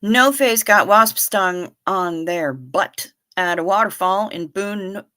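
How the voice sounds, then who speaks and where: A woman's voice: mid-range voice, slow pace, pushed and bright, smooth. A woman hosting a livestream in a folksy, chatty way, greeting viewers by name and calling them honey. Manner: hums and sings little doo-doo fillers. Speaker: livestream host. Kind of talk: casual chat reading viewer comments.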